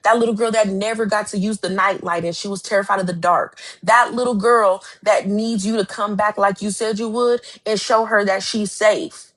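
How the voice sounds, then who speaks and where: A woman's voice: medium pitch, steady tone, normal speed, hardly any pauses. A woman life coach giving a live motivational talk, speaking emphatically and directly with lots of repetition.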